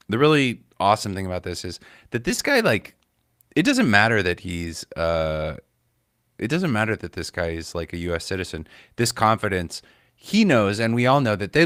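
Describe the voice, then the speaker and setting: A man's voice: lowish voice, a bit bright, dry recording, clean studio sound. A man hosting a comedy show, talking loosely over video clips with fillers and swearing. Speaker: comedian host. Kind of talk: casual commentary on clips.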